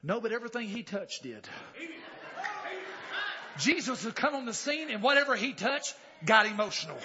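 A high, cutting male voice preaching, leaping between easy, joking asides and sudden hollered cries. The pitch swoops widely as he drives his sermon home. It comes through a dull, lo-fi recording with a faint congregation behind him. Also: moderate pace, pauses often, a faint crowd. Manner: swings from calm talk to hollered exclamations, folksy humor.

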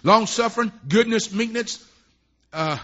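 A man preaching a sermon at a church service, telling folksy, rambling stories that swell into fervent shouts. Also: sits high, unhurried. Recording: dull lo-fi recording.

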